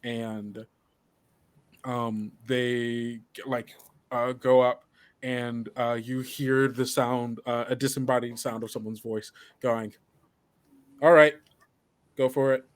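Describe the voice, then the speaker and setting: Slow, halting male game master. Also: mid-range voice, little pitch movement, no echo. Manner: halting, full of fillers. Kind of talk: narrating a tabletop game.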